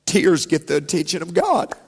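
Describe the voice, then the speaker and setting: A man's voice: fairly high pitch, big pitch swings, normal speed, creaky, husky. A male pastor preaching a sermon in a church, emphatic and repetitive, dropping to near-whispers to land key lines. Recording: long reverb of a large hall.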